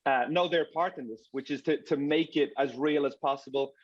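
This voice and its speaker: A man speaking as a soccer broadcaster on a panel, animated and often restarting his words. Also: on the high side, a little fast, dry recording, dull audio. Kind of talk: casual panel discussion.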